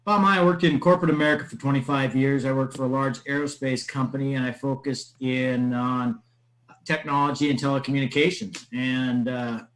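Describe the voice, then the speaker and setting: A middle-aged man, a guest on a podcast, describing his corporate background in a measured way. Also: mid-range voice, steady tone, fairly bright tone, poor audio. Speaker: podcast guest, business consultant. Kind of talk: casual interview.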